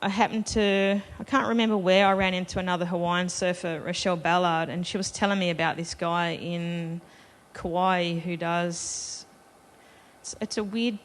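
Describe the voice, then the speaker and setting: Her voice sits on the low side with fairly even intonation and normal speed as she, a festival panelist, recounts a personal story to a live audience, chatty, self-deprecating and laughing between lines.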